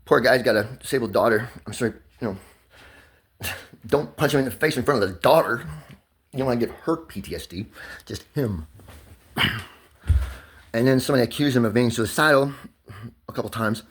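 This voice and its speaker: A man in his twenties talking in a rambling, pressured rush, swerving between laughter, near tears and shouting, loud and swearing often. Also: medium pitch, fairly quick, long pauses. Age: 20s. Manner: loud and expressive, heavy swearing. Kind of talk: emotional monologue to camera.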